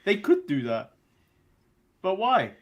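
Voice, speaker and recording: A man's voice: sits high, huge pitch swings, takes it slowly, lo-fi sound. An English man co-hosting a casual wrestling recap podcast, easygoing and often chuckling as he walks through the show. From England. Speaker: podcast co-host.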